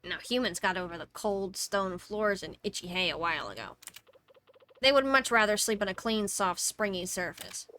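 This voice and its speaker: A woman's voice: mid-range voice, lively intonation, normal speed, sharp tone, slight background noise. A woman voicing a cheerful, encouraging male game character in a vague put-on accent. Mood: bossy.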